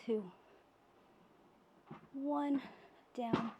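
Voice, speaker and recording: Heavy background noise surrounds a woman teaching pilates, whose fairly high voice moves at an unhurried pace. She gives cues while doing the exercises herself, getting winded with breathy exhales.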